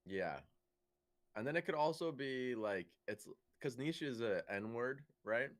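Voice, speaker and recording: A man's voice: mid-range voice, expressive, slow pace. A young man co-hosting a casual comedy podcast, laid-back and joking crudely. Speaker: podcast co-host.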